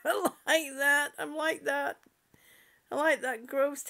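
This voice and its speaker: Woman, high-pitched, slow casual chat, livestream from home. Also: fairly even intonation, pushed and bright. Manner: chatty, reads comments aloud, laughs often. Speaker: livestreamer reading viewer chat. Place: at home indoors.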